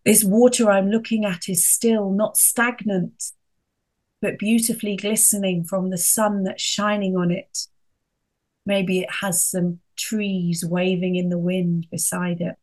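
A middle-aged woman giving an earnest devotional reflection, telling a personal story and softening her voice for emphasis. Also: medium pitch, level tone, measured pace. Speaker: speaker sharing a devotional reflection.

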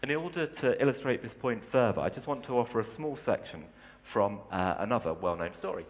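A man's voice: on the low side, brisk. A man giving a sermon, reading story passages aloud and explaining them plainly. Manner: reads aloud expressively, then explains plainly. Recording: long hall reverb.

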